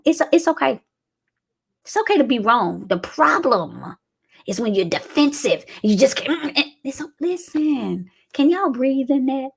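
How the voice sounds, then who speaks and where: A woman's voice: high-pitched, sing-song, moderate pace, creaky, breathy edge. A woman, giving a motivational preaching talk as host, acting out quoted people and asking her audience for response.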